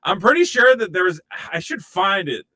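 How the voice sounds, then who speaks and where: A man guesting on a podcast, telling stories in a lively, casual way and swearing freely. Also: high-pitched, normal speed. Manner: animated storyteller, swears freely.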